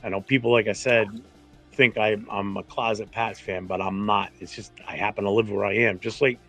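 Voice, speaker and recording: A low, gravelly New England voice belongs to a man hosting a casual sports fan stream. He is blunt and opinionated and swears freely. Faint music plays behind him. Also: fairly even intonation, a little fast, pushed and bright. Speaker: fan show host.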